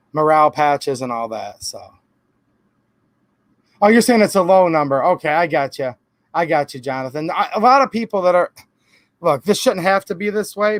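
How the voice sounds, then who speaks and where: A man with a fairly high voice, caught on a dry recording, hosts a live stream in casual fashion. He responds to viewer comments at rambling length, emphatic and prone to defensive asides.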